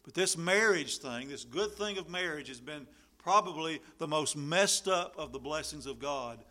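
Bright-voiced male preacher. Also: fairly high pitch, normal speed. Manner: animated preaching, acts out quoted people. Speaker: pastor. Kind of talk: sermon.

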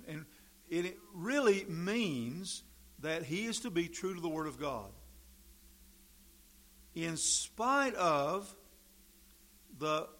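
A male preacher delivering a sermon at an unhurried, measured pace. His voice is gravelly and sits a little high for a man. He presses down on important words and pauses between phrases. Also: a bit bright. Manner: slow and deliberate, stressing words, with pauses and fillers.

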